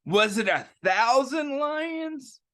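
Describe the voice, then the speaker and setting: A bunch of nosy picture-book kids firing off questions in a high, excited voice, as a man reading aloud puts them on. The pitch leaps up well above his usual talk and swings widely. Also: a little slow, exaggerated voice. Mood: curious. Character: curious group of children asking questions.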